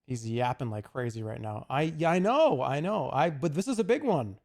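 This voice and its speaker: A man streaming, chatting casually and rambling, with profanity and quick asides. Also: medium pitch, sing-song, creaky, darkish tone. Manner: rambling, profane, slips into goofy put-on voices.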